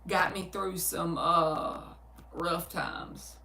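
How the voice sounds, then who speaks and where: A gravelly, fairly low-pitched woman with a Southern US accent speaks very slowly while hosting a tarot livestream. She reads viewer comments aloud and responds casually, laughing easily and telling stories with animation. Recorded from far off, the audio is roomy with a little hiss or hum.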